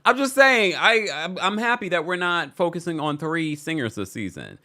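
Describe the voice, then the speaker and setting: A man's voice: fairly high pitch, normal speed. A man hosting a casual reality TV recap, reading viewer comments aloud with sassy, playful asides. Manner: animated, sassy, reads chat comments aloud. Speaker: recap channel host.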